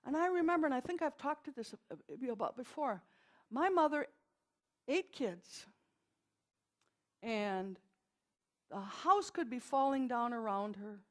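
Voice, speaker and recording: An older woman minister delivers a sermon in a notably high voice. She talks in a folksy, storytelling way and slips in dry, wry humor. She is from Milwaukee and preaches in a church. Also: animated, unhurried, long pauses. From Milwaukee, USA.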